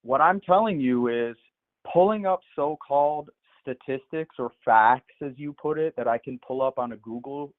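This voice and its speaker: A man calling into a political show, arguing in a measured way and insisting on finishing his point. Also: medium pitch. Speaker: caller. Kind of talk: heated live call-in argument. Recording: tinny phone line.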